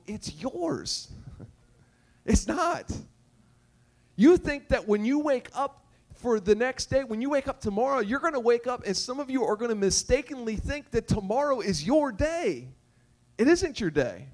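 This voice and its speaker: High-voiced, emphatic male pastor. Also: expressive, moderate pace, a little mellow. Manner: emphatic, repetitive, joking, asks the crowd questions. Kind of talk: sermon.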